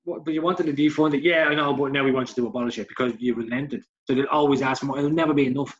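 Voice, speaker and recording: A man's voice: mid-range voice, fairly even intonation, rapid-fire. Man in his 40s, fired up and sweary, slips into mocking voices, muffled lo-fi podcast audio. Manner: heated, sweary, mocks others in put-on voices. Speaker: podcast co-host. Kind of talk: casual podcast chat.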